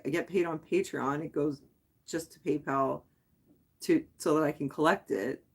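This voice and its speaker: Hosting a casual late-night livestream, a Quebec woman who speaks English natively responds to viewer comments in a low, darkish, slightly breathy voice. She's rambling and candid, thinking out loud with many "like"s and restarts.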